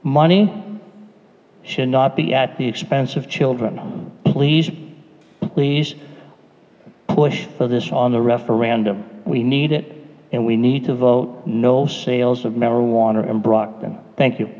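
An earnest man pleads his case at a public meeting. His mellow voice echoes through a hall, in a dull, muffled recording. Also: medium pitch, steady tone, unhurried. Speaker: resident speaking at a public meeting. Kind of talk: impassioned public comment.

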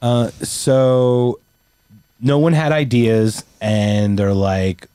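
A man's voice: mid-range voice, little pitch movement, drawn-out words, dark tone, clear, resonant tone, dry recording, studio quality. A man in his forties co-hosting a podcast, telling a family story in casual chat, laughing often and swearing freely. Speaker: podcast co-host.

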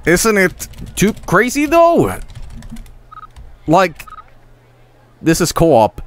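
Excitable high-voiced male streamer. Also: very slow. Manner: excitable, frequent laughter and swearing. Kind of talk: casual game stream commentary.

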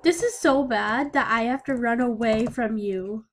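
A woman narrates a game as if she were its characters, her voice high and her pace slow and drawn out. She swings between hammy panic and mock sobbing. Everything is played up for drama. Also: a little hiss or hum. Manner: melodramatic, shouts and whimpers. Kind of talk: playful melodramatic game voice-over.

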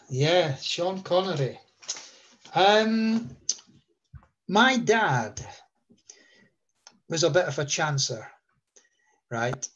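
Slow-talking older man. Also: fairly high pitch, fairly bright tone, muffled recording. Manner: rambling, many fillers. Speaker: guest. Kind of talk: relaxed storytelling.

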